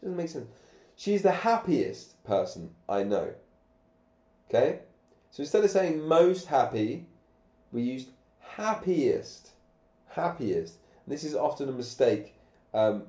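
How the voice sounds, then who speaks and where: A man's voice: mid-range voice, big pitch swings, a little slow, mellow. A man, sick and coughing, teaching grammar on a live stream with patient step-by-step questions. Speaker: English teacher. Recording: echoey, dull lo-fi room sound.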